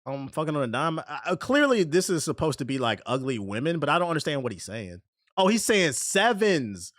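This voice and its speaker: A male streamer reacts to music in blunt, incredulous casual chat and swears freely. His voice swings widely up and down in pitch. The sound is dry and close. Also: sing-song, a little fast, fairly bright tone, dry recording.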